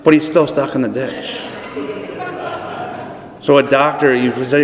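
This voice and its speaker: A man's voice: mid-range voice, normal speed, long pauses, a crowd in the background. A man from upstate New York giving a personal testimony at a recovery meeting, chatty and acting out the dialogue in his story. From Buffalo, New York. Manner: conversational, acts out dialogue in a story. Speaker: guest speaker at a recovery meeting. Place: meeting hall. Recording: echoey hall.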